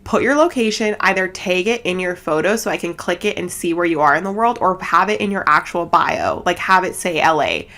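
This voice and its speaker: A woman from Canada hosting a casual chat podcast at home, giggly and rambling, talking fast with lots of fillers. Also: on the low side, fairly bright tone. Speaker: podcast host. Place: home setup, seated cross-legged.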